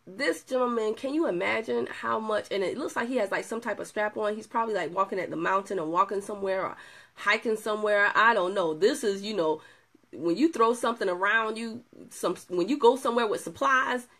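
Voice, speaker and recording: Animated, chatty woman with gravelly edge. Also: mid-range voice. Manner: animated, chatty, with playful asides and laughter. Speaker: product distributor showing client results. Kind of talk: casual video chat.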